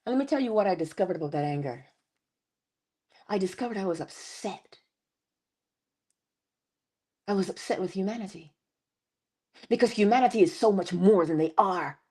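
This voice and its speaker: A woman giving a passionate spiritual motivational talk, slowing down and stretching key words for emphasis. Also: mid-range voice, lively intonation, mellow. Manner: passionate, preachy, rising and falling emphasis. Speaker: inspirational speaker.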